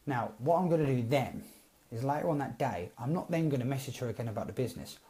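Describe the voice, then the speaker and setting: Chatty man with a mellow voice. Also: mid-range voice, quick pace. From Britain. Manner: chatty, animated, acts out both sides of text chats. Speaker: network marketing coach. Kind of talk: casual live-stream advice.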